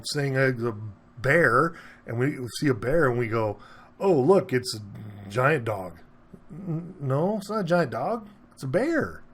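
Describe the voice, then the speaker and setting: A man of ordinary pitch rambles through a casual monologue aimed at his viewers. He restarts his sentences, keeps tossing in "okay?", and his voice jumps higher whenever he gets excited. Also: a little hiss or hum. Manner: rambling, repeats himself, keeps asking "okay?"; animated, pitch jumps up when he gets worked up. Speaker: vlogger. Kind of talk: casual opinion monologue to camera.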